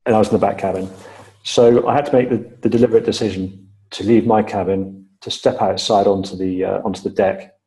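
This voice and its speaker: Low, mellow-voiced man telling a story. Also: fairly even intonation, low-quality recording. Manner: measured, step-by-step retelling with frequent fillers; repeats key phrases for emphasis. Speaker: podcast guest. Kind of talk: storytelling in an interview.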